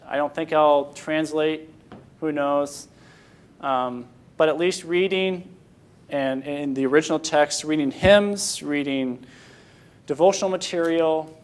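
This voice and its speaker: With a voice on the high side, a young Michigan man speaks casually to a Sunday school group. He's hesitant, repeatedly restarting his thoughts, before turning to questions from the room.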